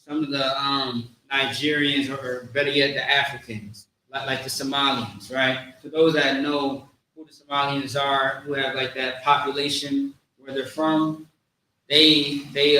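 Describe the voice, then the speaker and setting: A man teaching a language class, slowly repeating each word and its meaning, in an informal way with many fillers. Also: medium pitch, bright, forceful tone, slight background noise. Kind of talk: classroom lesson. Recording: very echoey room, distant mic, faint ambience.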